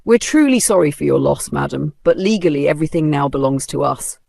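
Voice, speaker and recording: A narrator voicing a calm, matter-of-fact male bank manager in a storybook tale. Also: on the high side, fairly quick, gravelly, no room sound, studio quality, heavily acted. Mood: cold.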